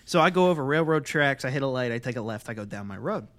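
A man's voice: mid-range voice, animated, quick pace, fairly bright tone. A man co-hosting a podcast, casually telling a story step by step in a laid-back way. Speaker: podcast co-host. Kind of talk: casual chat.

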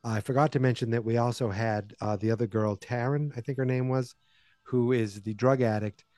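A man's voice: mid-range voice, steady tone, moderate pace, mellow, no echo. A man in his forties, a podcast host casually retelling a movie plot with wry asides.

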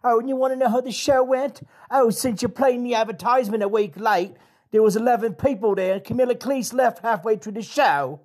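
A man's voice: extremely high pitch, a little fast, darkish tone. A man putting on a brash swearing English caller. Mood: cheeky taunting. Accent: put-on English. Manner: brash, swearing, mock-threatening. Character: crude cockney-style British cousin caller, brash and cheeky. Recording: voice message.

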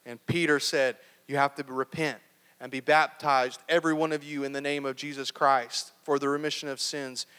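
A man's voice: mid-range voice, flat delivery, normal speed, fairly bright tone, clear, resonant tone. A man preaching a sermon, earnest, with frequent restarts and affirming amens, in a church sanctuary. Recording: reverberant church hall.

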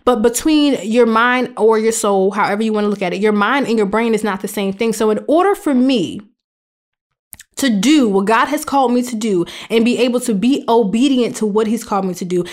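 A woman's voice: fairly high pitch, fairly quick. A young adult woman hosting a faith podcast, talking in an earnest, conversational and emphatic way. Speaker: podcast host.

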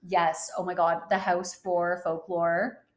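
A young woman co-hosting a podcast in casual chat, gushing and gasping with excitement. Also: fairly low pitch, slow pace. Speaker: podcast co-host.

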